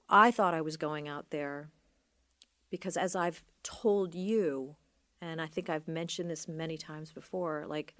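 A middle-aged woman telling a personal story as an interview guest, halting and trailing off with many fillers. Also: lowish voice, sharp tone, no echo, studio quality.

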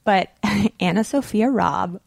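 A woman's voice: mid-range voice, slow pace, vocal fry, a little mellow, no room sound. A young woman co-hosting a podcast, talking in a chatty, casual way with lots of fillers and restarts. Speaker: podcast co-host. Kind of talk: casual chat.

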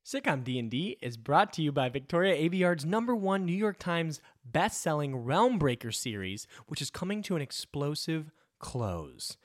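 A man reads podcast sponsor ads with a mock-intense, dramatic delivery. His voice sits a little high and moves widely in pitch, and the sound is dry and close. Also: sing-song, normal speed, hardly any pauses, dry recording. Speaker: ad reader. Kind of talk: podcast ad read.

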